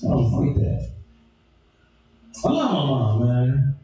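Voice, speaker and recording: A man doing stand-up, telling stories and acting out people with sudden shouts. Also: takes it slowly, heavy reverb, far from the mic, poor audio. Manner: animated, acts out characters with sudden shouted high squeals. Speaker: stand-up comedian. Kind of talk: stand-up storytelling.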